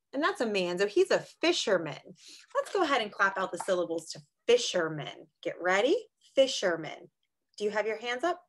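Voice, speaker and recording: A woman teaching a small group of young children online, speaking in a slow, exaggerated, encouraging way and clapping out syllables. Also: medium pitch, fairly bright tone. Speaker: kindergarten teacher.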